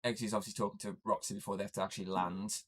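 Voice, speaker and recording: A man with a fairly low voice hosts a podcast and walks through a film plot in loose, casual chat. He rambles, leaning on fillers and restarting his sentences as he goes. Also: flat delivery, very fast, slightly rough. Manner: rambling, heavy use of "obviously" and "like". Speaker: podcast host. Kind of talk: casual movie recap chat.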